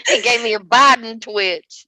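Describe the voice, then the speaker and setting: A woman co-hosting a casual podcast chat, animated and laughing often, with restarts as she thinks aloud. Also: fairly high pitch, measured pace, dry recording. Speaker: podcast co-host.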